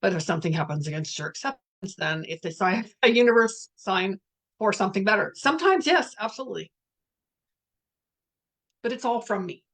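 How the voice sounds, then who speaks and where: A woman's voice: mid-range voice, animated, brisk, fairly bright tone. A middle-aged woman leading a reflective spiritual talk, speaking candidly and earnestly, sometimes swearing. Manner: candid, earnest, swears, reads out participants' messages. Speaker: workshop facilitator.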